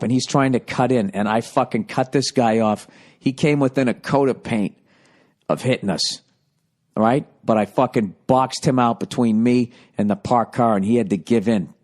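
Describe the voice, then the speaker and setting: A man hosting a comedy podcast, telling a profane, self-mocking story that swings from low mumbling to loud outbursts. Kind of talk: casual storytelling monologue.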